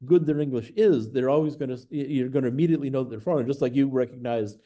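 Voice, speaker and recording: A man with an American accent speaks as a podcast guest, warm and mellow in tone. He talks at an easy, thoughtful pace, pausing on filler sounds as he works through a story. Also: mid-range voice. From United States. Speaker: guest, professor of Buddhist studies. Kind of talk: conversational storytelling.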